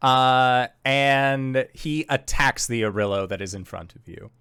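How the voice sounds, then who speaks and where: A man's voice: medium pitch, measured pace, a bit bright, clean tone, no room sound, studio quality. A man narrating as game master for a tabletop game, rambling with many fillers.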